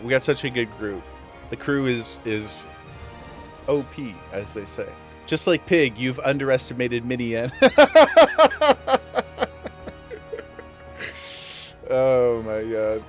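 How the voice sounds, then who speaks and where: A man streaming a game, chatting casually to chat in a playful, self-mocking way. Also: medium pitch. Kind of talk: casual gameplay commentary.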